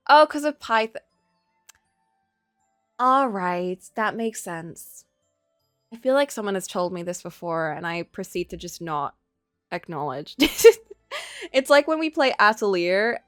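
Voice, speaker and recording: In a studio-quality clip without room sound, a medium-pitched woman streams a game live. She reads out the game's text and chats casually, staying lively and chatty, laughing a lot and gasping in reaction.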